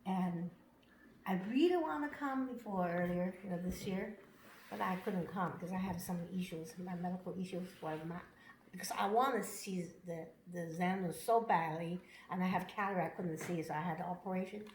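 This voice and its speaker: Excitable woman with broken English. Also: fairly low pitch, moderate pace. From Washington state, USA. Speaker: camp visitor giving a testimonial. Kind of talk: casual testimonial. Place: upstairs room at a camp. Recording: roomy echo, faint noise.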